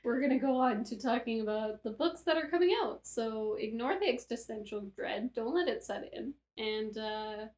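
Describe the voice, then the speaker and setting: A woman co-hosting a podcast in casual book chat, chatty and quick to laugh, with rambling asides. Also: fairly high pitch, lively intonation, a little mellow, echoey room. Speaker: podcast co-host.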